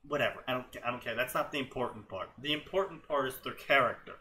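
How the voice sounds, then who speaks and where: Male host, fanfic mockery, bright tense tone, a little high, sarcastic and exasperated. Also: fast, hardly any pauses, poor audio. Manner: exasperated, sarcastic, often laughing. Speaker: fanfiction reading show host. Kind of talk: sarcastic commentary and reading aloud.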